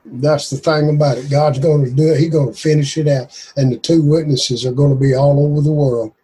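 Man, fervent exhorting preacher, raspy voice, slightly high pitch. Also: fairly even intonation, fairly quick, warm tone, poor audio. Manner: exhorting, emphatic. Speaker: Bible study participant. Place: church group room.

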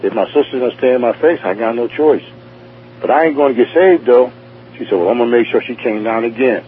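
A man's voice: medium pitch, slight background noise. A man from New York with a New York accent telling his personal testimony in a rambling, repetitive way, acting out dialogue. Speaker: testimony speaker. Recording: tinny phone-like radio broadcast.

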